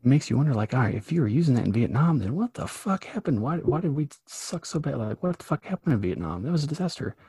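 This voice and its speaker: A man co-hosting a podcast, telling stories in a loose, profane, animated way. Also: mid-range voice, quick pace, hardly any pauses, breathy edge, dry recording. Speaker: podcast co-host. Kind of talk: casual podcast chat.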